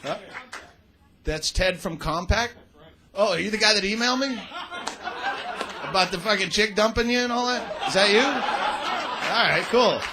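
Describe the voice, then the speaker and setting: On a comedy club stage, a crude, rambling male comic trades banter with the audience, his voice sitting high. Loud crowd noise and laughter fill this live recording.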